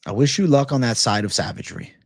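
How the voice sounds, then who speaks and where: A man hosts a live sports betting show, talking straight to his live chat in a laid-back, slangy way and swearing freely. His medium-pitched voice is animated, fast and creaky, with no echo and clean studio sound.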